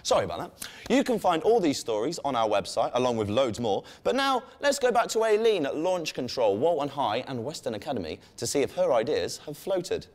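Young male co-host, jokey science news read, pitch jumps around a lot. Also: sing-song, fairly quick. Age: young adult. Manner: playful, cheeky asides. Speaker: co-host of a student science show.

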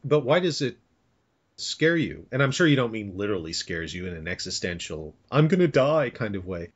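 Guy hosting a podcast, teasing and joking, kinda low husky voice. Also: moderate pace. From Canada. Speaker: podcast host. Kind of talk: casual chat. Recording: dull lo-fi audio.

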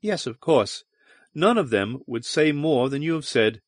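A man's voice: on the high side, lively intonation, a little slow, no echo, studio quality. A man voicing a stern female starship commander who speaks in clipped, impatient, contemptuous tones in an audiobook. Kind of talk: audiobook character reading.

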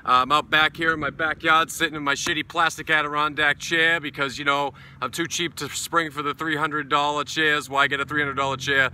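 A man's voice: fairly high pitch, flat delivery, fairly quick, few pauses, sharp tone, a little hiss or hum. A middle-aged man from New England with a New England accent, reviewing a beer in a casual, blunt, profane and sarcastic way while sitting out in his backyard. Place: backyard outdoors.

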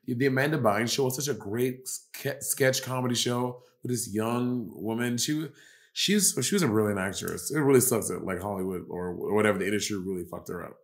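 A man's voice: lowish voice, fairly quick. A man co-hosting a podcast in casual chat, reminiscing and searching for names with lots of fillers. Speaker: podcast co-host.

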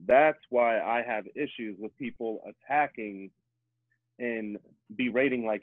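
A personal trainer appears as a podcast guest, talking emphatically and repetitively in casual conversation while acting out examples in other people's voices. His voice is mid-range at a normal speed, and the recording is dry and tinny, like a phone line.

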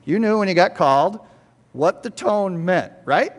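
In a church sanctuary, an older male pastor preaches a sermon in a conversational way, checking in with the congregation again and again. He has a high, expressive voice and a measured pace, and the recording has church hall reverb.

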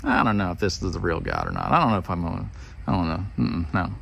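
A man voicing a boastful, petulant ancient king in casual modern slang, his voice jumping high when he gets annoyed. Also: wildly swooping pitch, fast talker, creaky, a bit bright, breathy edge, exaggerated voice. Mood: doubtful.

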